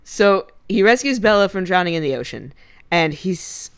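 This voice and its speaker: A woman's voice: lowish voice, lively intonation, moderate pace, clear, resonant tone, no room sound, clean studio sound. A woman co-hosting a casual podcast, retelling a movie plot and acting out the characters' lines with frequent laughs. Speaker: podcast co-host.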